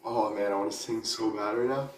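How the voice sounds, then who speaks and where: A young man talks in a loose, rambling way, leaning on "like" and "dude" and dropping the odd swear. His voice sits a little low. He is heard from a distance in a roomy space, with faint ambience behind him. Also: steady tone, fairly quick, slight background noise. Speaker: vlogger and singer. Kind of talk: casual excited storytelling.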